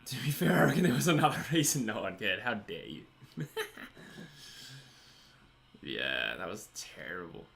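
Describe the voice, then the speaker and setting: A man's voice: lowish voice, big pitch swings, moderate pace, vocal fry, pauses often, fairly bright tone, slight background noise. An Australian man hosting a live stream, chatting casually while watching a match, laughing often and answering viewers' comments. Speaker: livestream host.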